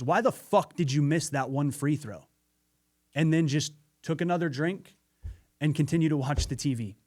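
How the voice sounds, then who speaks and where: A man with a slightly high voice speaks to his listeners in an earnest, candid way. He tells a personal story as a motivational monologue and now and then lets a swear word slip. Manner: earnest, candid, occasional profanity. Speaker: podcast host.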